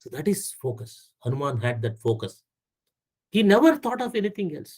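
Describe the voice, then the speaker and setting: A middle-aged man giving an earnest spiritual management talk, often repeating phrases and reciting verse quickly. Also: medium pitch, sing-song, darkish tone, poor audio. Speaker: lecturer.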